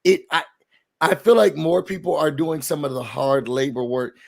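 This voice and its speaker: Hosting a relaxed podcast conversation, this man speaks at normal speed in a slightly high, gravelly voice. He's lively throughout, performing other people's lines as he quotes them.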